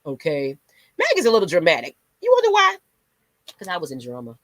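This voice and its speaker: A woman hosts a sports fan channel, delivering animated commentary as a sassy, dramatic rant full of mock voices. Her low-pitched voice swings wildly in pitch, moves fairly quickly, and has a fairly bright tone, with no echo in the recording.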